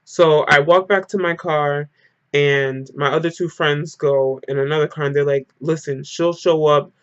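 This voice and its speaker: A young man telling a personal story to camera in a casual, animated, emotional way, with lots of "like". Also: fairly high pitch, a little slow, smooth. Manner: animated, emotional retelling full of "like". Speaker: storyteller vlogger. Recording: muffled lo-fi audio.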